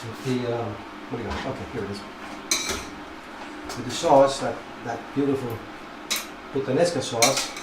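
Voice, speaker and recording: A man's voice: medium pitch, moderate pace, long pauses, very noisy. Chatty Italian man cooking, roomy kitchen. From Naples, Italy. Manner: chatty, loose, cheerful asides. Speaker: home cooking show host. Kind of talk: casual cooking demonstration. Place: home kitchen. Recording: roomy kitchen, mic far off, loud music.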